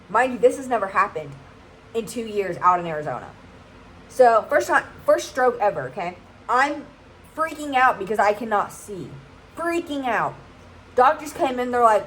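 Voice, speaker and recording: A woman's voice: mid-range voice, rough recording. A young woman tells a story in a casual vlog. She is chatty and keeps checking in with her viewers. There is faint noise in the background. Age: 20s. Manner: chatty, keeps asking "okay?". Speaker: vlogger.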